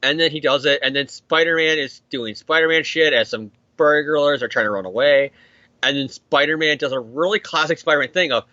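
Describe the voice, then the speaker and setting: A man hosts a comic recap podcast in a loose, profane, joking way, breaking into silly voices for the characters. His voice is bright and edgy, sitting a bit high, heard dry and close. The sound is slightly dull and muffled. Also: brisk, no room sound. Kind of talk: casual comic recap with acted quotes.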